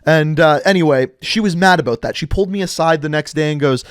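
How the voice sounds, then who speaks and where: A young man tells a rambling high school story straight to camera. His voice sits a little high and the sound is dry and close. He keeps it chatty, full of asides and "like". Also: fast, clean tone, dry recording. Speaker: vlogger. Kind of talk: casual storytime narration.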